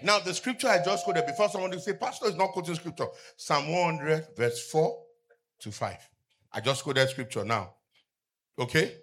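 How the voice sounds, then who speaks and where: A middle-aged man preaching a sermon as pastor, asking the congregation to finish his lines and rising to shouts. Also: a little high, animated, normal speed. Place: church with outdoor canopy seating.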